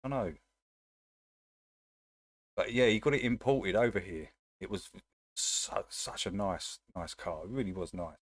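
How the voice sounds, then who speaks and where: A man's voice: on the low side, unhurried, pauses often, no room sound. A man with an Essex accent chatting casually and joking as a livestream host. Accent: Essex English. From England. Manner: laughing, joking commentary. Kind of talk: casual live chat.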